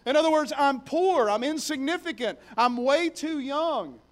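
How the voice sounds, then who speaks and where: A man's voice: extremely high pitch, expressive, normal speed, voice pushed up. A man voicing a timid young man who pleads that he is too poor, insignificant and young for the task. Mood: pleading.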